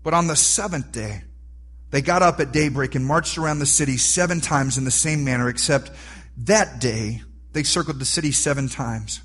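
A man preaching a sermon, animated and rising to near-shouts for emphasis. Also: medium pitch, normal speed, husky. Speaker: pastor.

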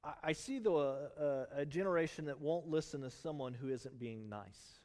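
High-voiced man preaching in a reverberant church. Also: normal speed. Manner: conversational, storytelling, animated. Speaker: pastor. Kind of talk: sermon.

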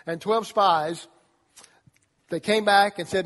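A man preaching a sermon to young people as a youth pastor, animated, acting out voices as he tells the story. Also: high-pitched, takes it slowly, long pauses. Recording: long reverb of a large hall.

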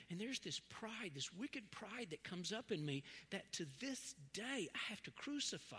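A man's voice: high-pitched, moderate pace, breathy edge. A middle-aged man preaching a sermon, telling stories and acting out the voices in them. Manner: animated storytelling, acts out dialogue. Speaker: pastor. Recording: long hall reverb.

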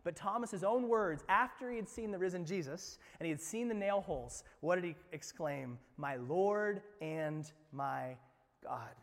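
High-voiced man preaching in a reverberant church. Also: expressive, brisk, few pauses. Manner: dynamic preaching, swinging from loud emphatic lines to near-whispers; repeats words and restarts phrases when emphatic. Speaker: pastor. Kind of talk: sermon. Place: church sanctuary. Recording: long hall reverb from a church room.

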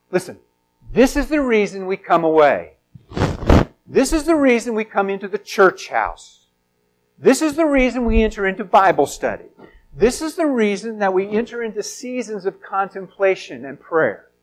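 A pastor with a notably high voice delivers an emphatic sermon. He stretches key words slowly and swings between loud bursts and soft asides. He often has the congregation repeat lines back to him. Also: low-quality recording. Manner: drawn-out stresses, sudden loud and soft swings.

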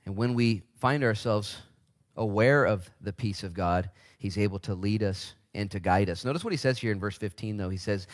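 A man in his forties preaching a sermon as pastor, animated and jumping into high voices to act out the people he quotes. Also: fairly quick.

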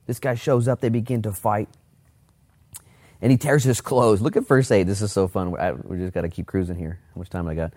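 A man preaching a sermon as pastor, reading scripture and acting out the people in it with lively, jokey asides. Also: brisk. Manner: animated, acts out Bible figures in a high put-on voice. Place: church, online service during lockdown.

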